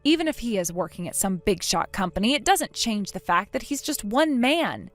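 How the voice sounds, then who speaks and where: A woman's voice: mid-range voice, very animated, moderate pace, dry recording, soft background music, lightly acted. A woman voicing a stern, cold young woman who scolds and refuses to forgive in a scripted drama.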